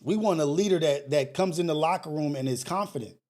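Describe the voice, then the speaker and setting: A man hosts a call-in talk show, delivering a casual motivational rant that is blunt and emphatic, full of slang, profanity and repetition. His voice is on the high side, a little fast and a little mellow.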